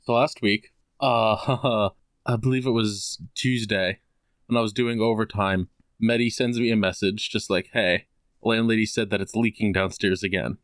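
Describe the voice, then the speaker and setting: A man's voice: on the low side, steady tone, moderate pace, no room sound, clean studio sound. Sweary man telling a story. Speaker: podcast co-host. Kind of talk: casual chat.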